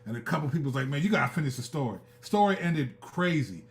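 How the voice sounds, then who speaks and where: A middle-aged man, a preacher and live-stream host, telling a testimony story in a casual, animated way with slang and asides. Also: fairly high pitch, quick pace.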